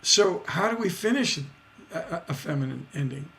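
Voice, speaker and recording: A man's voice: on the high side, lively intonation, moderate pace, creaky, fairly bright tone. A man teaching songwriting on a livestream. He talks casually with fillers and restarts, and sings out rhythms with beat sounds. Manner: demonstrates rhythms by vocalizing beats; chatty, with many fillers and restarts.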